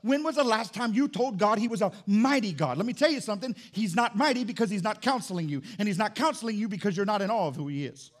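A man's voice: sits high, lively intonation, quick pace, hardly any pauses. Emphatic preaching pastor, a man. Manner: preachy, emphatic, repeats key phrases. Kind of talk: sermon. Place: church.

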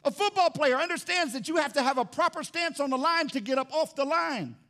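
Animated high-voiced preacher man. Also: fairly quick. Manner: animated, swings from loud emphasis to hushed low lines. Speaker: pastor. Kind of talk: sermon. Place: church service.

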